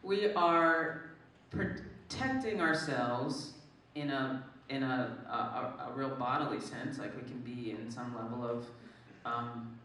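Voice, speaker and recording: An author and guest speaker in a live onstage conversation, talking expressively and jumping up high when animated. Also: takes it slowly, few pauses, a little hiss or hum. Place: large echoing hall at a live event. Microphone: distant from the microphone. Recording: echoey hall from far off.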